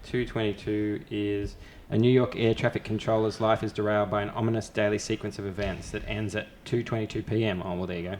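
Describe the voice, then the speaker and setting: A man's voice: fairly low pitch, little pitch movement, quick pace, few pauses, a little mellow, a little hiss or hum. A man co-hosting a casual chat, reading film listings aloud and joking around. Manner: jokey, reads listings aloud, bursts into silly put-on voices. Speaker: podcast co-host. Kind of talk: casual chat about upcoming films.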